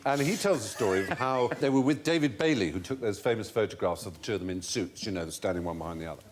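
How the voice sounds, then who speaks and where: A man's voice: on the low side, quick pace, noisy background. An Englishman telling an anecdote on a comedy panel show, slipping into voices and chuckling. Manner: animated storyteller who slips into voices, chuckling as he goes.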